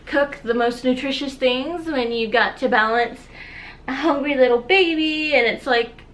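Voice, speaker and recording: Soft-spoken young woman rambling to camera. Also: high voice, unhurried. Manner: soft and rambling, with frequent fillers and tearful laughs. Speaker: vlogger, new mother. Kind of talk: casual personal vlog update. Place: at home, holding her baby. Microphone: camera viewfinder.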